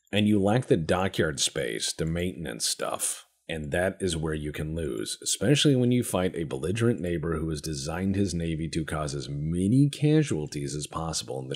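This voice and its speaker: A man's voice: deep voice, a little mellow, breathy edge. A man giving joking, profane, rambling commentary while playing a strategy game. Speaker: gameplay commentator. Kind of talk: let's-play commentary.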